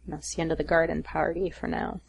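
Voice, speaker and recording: A woman's voice: low voice, flat delivery, fast talker, gravelly, breathy edge. A woman hosting a podcast, casually recapping an episode and laughing often. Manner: laughs often while talking. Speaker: podcast host.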